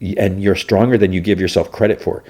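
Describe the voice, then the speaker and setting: A man's voice: low-pitched, steady tone, fast, warm tone. A man voicing a middle-aged aunt who scolds and comforts her nephew in a raised voice. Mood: caring. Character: caring aunt, middle-aged woman, firm and warm.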